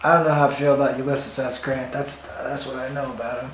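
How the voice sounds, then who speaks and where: A man delivering a rambling, deadpan comic monologue, often interrupting himself. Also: medium pitch, brisk, a little hiss or hum. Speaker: comedian. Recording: roomy echo.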